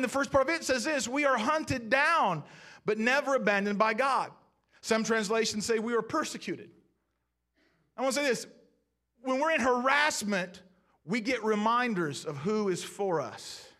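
A man's voice: extremely high pitch, moderate pace, pauses often, bright, forceful tone. A man preaching a sermon as pastor, talking conversationally and asking the congregation questions.

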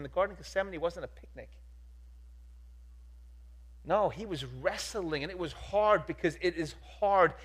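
High-voiced man preaching with emphasis. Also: breathy edge. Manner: emphatic, repetitive, rhetorical questions, swings from soft to loud. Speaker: pastor. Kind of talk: sermon.

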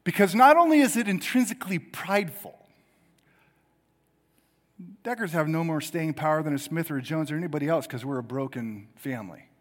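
A middle-aged male pastor delivers a sermon in an animated, conversational style. His voice sits a bit high and swings widely in pitch, punching some lines hard and dropping others almost to a murmur. The sound carries a long church-hall reverb. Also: fairly quick. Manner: animated, conversational preaching with sudden loud emphasis and quiet asides.

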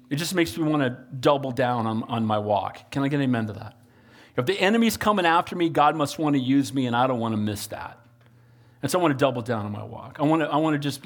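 A man preaching a sermon as pastor, animated and calling on the congregation for amens. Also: mid-range voice, quick pace, faint music behind.

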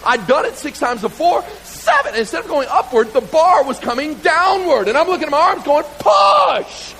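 A man preaching a sermon through a comic, self-mocking story, animated and building to loud bursts. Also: very high voice, brisk, a little hiss or hum, rough recording.

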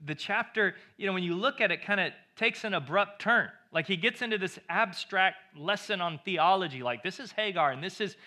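Bright high-voiced male pastor preaching. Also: animated, brisk, hardly any pauses. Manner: emphatic, repeats phrases for stress. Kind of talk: sermon.

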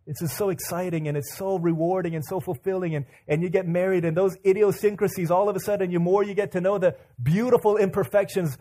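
Animated, higher-voiced man preaching. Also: fast, few pauses. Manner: animated storytelling, acting out inner thoughts; conversational, with many fillers and repeats. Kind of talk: sermon.

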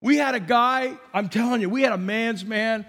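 Male pastor, high voice, animated sermon storytelling, long hall reverb. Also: normal speed. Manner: animated storytelling with repetitions and asides.

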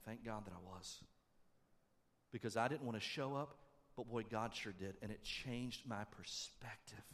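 A middle-aged man preaching from the pulpit in a high, bright voice. He talks to the congregation in a casual way, raising his voice and speeding up, then sinking into low, quiet passages. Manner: animated, shifts from loud and quick to low and hushed. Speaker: pastor. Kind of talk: sermon.

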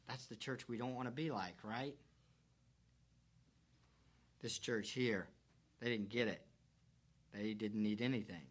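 A man preaching a sermon who swings from hushed whispers to loud, emphatic declarations and stretches words slowly for emphasis. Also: on the low side, expressive, breathy edge. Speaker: pastor.

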